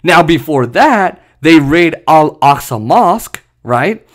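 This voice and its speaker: A man hosts a solo podcast, talking in a heated, sarcastic rant. His voice sits a little higher than most men's, and he mocks the other side with scornful asides. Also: sing-song, slow pace. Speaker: podcast host. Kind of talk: solo political commentary podcast.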